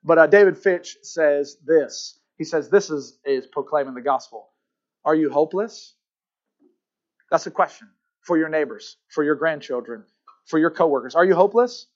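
High-voiced man preaching a sermon. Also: muffled recording. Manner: emphatic preaching, rhetorical questions, pauses for amen. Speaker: pastor.

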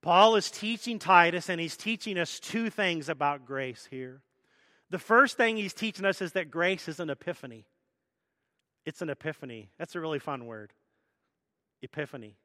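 A man's voice: on the high side, expressive, moderate pace, bright, forceful tone, no room sound, clean studio sound, in a large hall. A man preaching a sermon as pastor, teaching in a conversational way with self-deprecating jokes.

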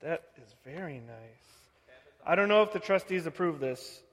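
A man in his thirties giving a joking, animated sermon to a congregation in a church hall. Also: a little high, moderate pace. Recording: echoey hall.

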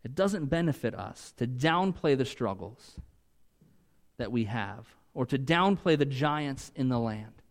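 A man preaching a sermon in a conversational way, moving from loud, emphatic peaks to quiet asides. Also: mid-range voice, expressive, measured pace. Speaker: pastor.

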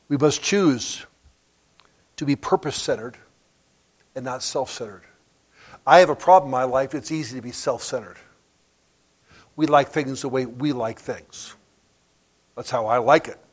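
A man in his sixties preaching a sermon as a guest preacher, telling stories and building to sudden emphatic rises in loudness. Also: medium pitch, husky.

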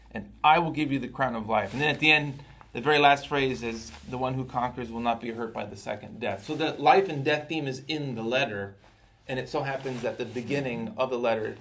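Man teaching a Bible class. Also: medium pitch. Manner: conversational, repeats words, checks in with listeners.

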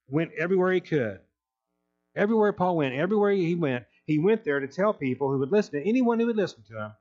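Male pastor preaching a sermon, emphatic delivery, slightly raised pitch, muffled lo-fi recording. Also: a little mellow. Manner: emphatic, reads scripture aloud then explains it. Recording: dull lo-fi recording.

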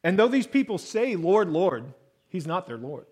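A man with a high-pitched voice delivers a sermon. He reads scripture and then talks it through in a casual, conversational way, sometimes acting out what people might say. He lets his voice sink low and soft on the lines that matter most. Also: very animated, brisk, husky, rough recording. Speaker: pastor.

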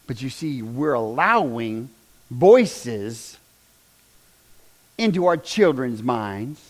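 A man, preaching a fiery revival sermon in a church, swinging from shouts down to a near-whisper. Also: medium pitch, big pitch swings, drawn-out words. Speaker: pastor.

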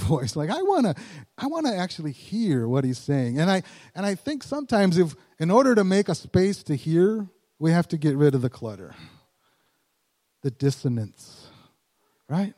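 A man's voice: fairly high pitch, warm tone. Conversational preacher man in a hall. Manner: conversational, chuckles often, acts out quotes. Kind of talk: sermon. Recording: hall reverb.

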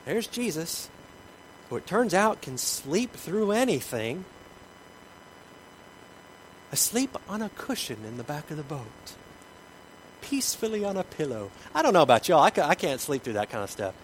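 Preacher guy telling a bible story, gets loud then real quiet, slightly high voice. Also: very animated, moderate pace, pauses often, a little hiss or hum, low-quality recording. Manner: dramatic storytelling, swings between loud and hushed. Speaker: pastor. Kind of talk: sermon.

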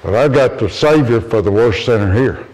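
A man's voice: lively intonation, normal speed, darkish tone, rough recording. A man preaching a sermon to a congregation in an earnest, storytelling way. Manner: earnest, storytelling, rises in pitch when quoting others.

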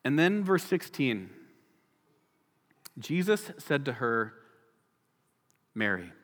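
A man preaching a sermon as pastor, animated, acting out the people in the story. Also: fairly high pitch. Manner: animated, acts out the people in the story in quick voices. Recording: long hall reverb.

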